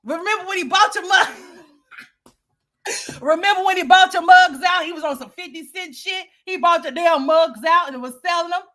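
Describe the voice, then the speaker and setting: Brief: high-pitched woman host, sassy gossip commentary, teasing, laughs often. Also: moderate pace, sharp tone. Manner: sassy, teasing, laughs a lot, calls people girl and honey. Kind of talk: gossip commentary over played clips.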